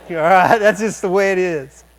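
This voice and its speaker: High-voiced pastor telling a funny story. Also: male voice. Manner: animated, humorous storytelling with quick asides. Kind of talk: sermon storytelling. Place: church sanctuary.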